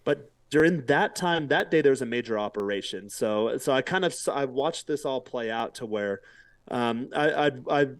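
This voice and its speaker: A man's voice: medium pitch, moderate pace, no echo. A man, a podcast guest, telling a story casually and acting out quotes, with casual swearing. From United States.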